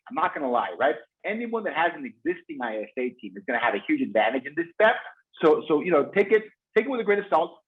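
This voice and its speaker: A man guest expert talking fast and with passion in a webinar, repeating words and restarting sentences. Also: on the high side. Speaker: guest expert on phone sales teams. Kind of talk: fast enthusiastic webinar talk. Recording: tinny phone-like call audio.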